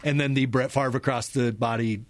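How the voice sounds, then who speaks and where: A man's voice: mid-range voice, steady tone, moderate pace. A man co-hosting a casual sports radio show, laughing and telling stories. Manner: laughing, storytelling. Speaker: radio co-host.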